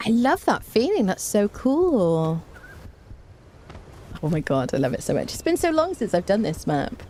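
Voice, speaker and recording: Giving casual commentary on a survival game, a woman talks with her viewers and breaks into little hummed or sung tunes. Her excitement sends her pitch leaping up fast. A little hiss or hum sits under the audio.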